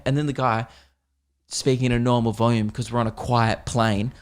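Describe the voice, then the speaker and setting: An Australian man hosting a podcast, telling a comic story in an animated, sweary, exasperated way. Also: mid-range voice, fast talker, clear, resonant tone. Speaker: podcast host. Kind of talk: comedic storytelling.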